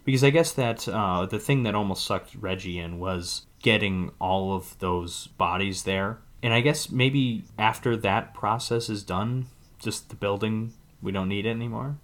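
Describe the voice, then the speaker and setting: In a laid-back movie recap chat, a male podcast co-host wanders through a film's plot, constantly hedging. He talks in a lowish voice and an unhurried way.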